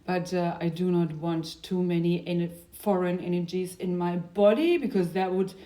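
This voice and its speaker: A young adult woman rambles casually through a video diary, her volume swinging from sudden bursts to near-whispers. Her voice is fairly low and her pace moderate, as befits a diary vlogger.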